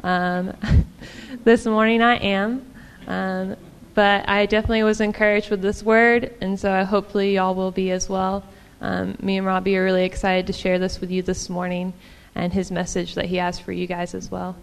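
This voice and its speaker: A woman preaches in a relaxed, conversational way, sprinkling her talk with ums and small laughs. Her voice is smooth and clear at a medium pitch. A long reverb from the church hall trails behind her words. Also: normal speed. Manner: warm, chatty, many ums and small laughs. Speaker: church speaker. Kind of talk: casual sermon.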